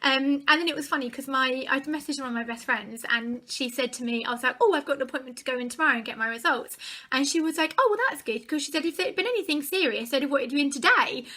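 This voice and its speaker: A woman's voice: sits high, bright, forceful tone. A young woman vlogger chattily retelling a personal story to camera, acting out the dialogue.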